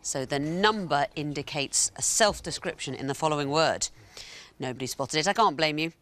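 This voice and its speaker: A woman's voice: deep voice, moderate pace, fairly bright tone. A woman hosting a television quiz, explaining answers in a dry, explanatory way. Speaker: quiz show host.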